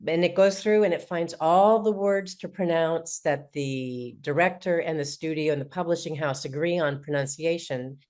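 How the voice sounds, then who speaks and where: A woman's voice: sits low, fairly even intonation, normal speed, few pauses, a little mellow. A woman in a panel discussion, telling anecdotes in a storytelling manner.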